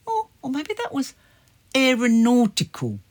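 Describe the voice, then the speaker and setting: A woman's voice: high voice, huge pitch swings, a little slow, darkish tone, full character voice. Woman playing bumbling Cockney sweep Arthur. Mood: daft. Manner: bumbling, mangles big words. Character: cheerful male Cockney chimney sweep Arthur. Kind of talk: comedy double act.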